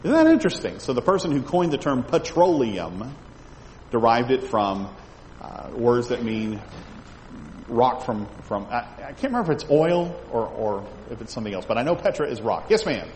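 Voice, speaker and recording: Animated man teaching a Bible class. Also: mid-range voice, normal speed. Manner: animated, asks the class questions, repeats words as he thinks. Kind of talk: Bible study lecture. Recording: echoey hall with faint background noise.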